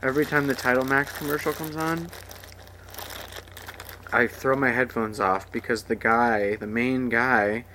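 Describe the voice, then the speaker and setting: A man's voice: medium pitch, fairly even intonation, measured pace, bright, forceful tone, a little hiss or hum. A young man hosting a podcast, ranting crudely and sarcastically about things he hates, mocking the voices of ads. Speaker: podcast host. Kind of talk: profane rambling rant.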